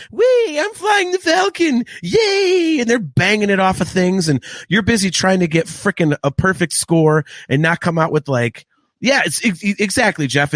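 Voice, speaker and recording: A man hosting a casual podcast chat, talking in an excitable, profane, ranting way. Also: sits high, no echo. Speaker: podcast host.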